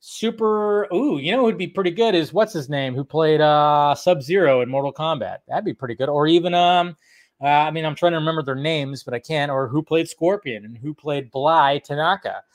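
A man's voice: on the high side, moderate pace. A man hosting a casual film news livestream, reading out viewers' chat questions and answering them in a loose, rambling way with free swearing. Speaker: film news channel host.

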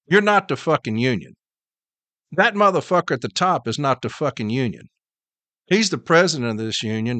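A man's voice: on the high side, pushed and bright, no echo. A middle-aged man, hosting a podcast and launching into an angry, profane, repetitive rant. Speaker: podcast host.

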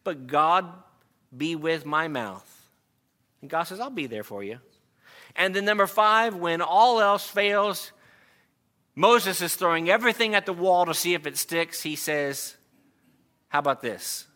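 A man's voice: high-pitched, a little slow, sharp tone. A man preaching an earnest sermon to a congregation, reading scripture aloud and stressing key words. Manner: earnest, reads scripture aloud, emphatic asides.

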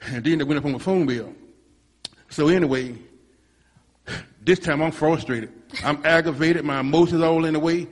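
A man's voice: on the high side, normal speed, pauses often, in a large hall. A man telling a rambling church testimony, restarting and repeating himself as he goes. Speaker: congregant giving a testimony.

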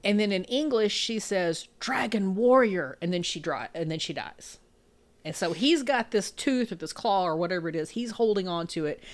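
A woman's voice: medium pitch, lively intonation, normal speed. A woman co-hosting a podcast, casually recapping a movie scene by scene and laughing often. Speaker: podcast co-host.

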